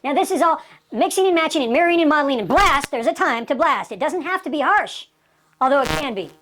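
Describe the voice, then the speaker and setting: A woman's voice: high voice, lively intonation, quick pace, fairly bright tone, slight background noise. A woman teaching sales technique in an emphatic, repetitive lecture style, often checking in with "okay?". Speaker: sales trainer.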